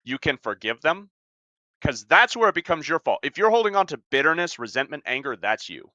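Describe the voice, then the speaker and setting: A man's voice: a little high, big pitch swings, fairly quick, sharp tone, no room sound, highs cut off. A man co-hosting a podcast as a life coach, talking in a blunt, emphatic way and swearing freely. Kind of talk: casual podcast talk.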